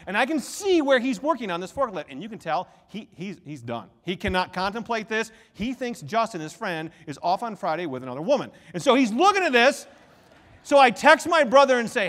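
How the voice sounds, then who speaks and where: Male pastor, bright high voice that moves a lot, animated storytelling sermon, long church reverb. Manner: animated storytelling, quick shifts between soft and loud. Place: church sanctuary.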